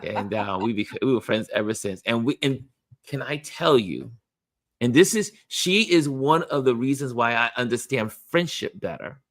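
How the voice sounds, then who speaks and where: A man hosting a casual motivational chat, talking about friendship in an animated way and acting out what people say. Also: mid-range voice, normal speed, dry recording, clean studio sound. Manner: animated, acts out quoted voices. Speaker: host.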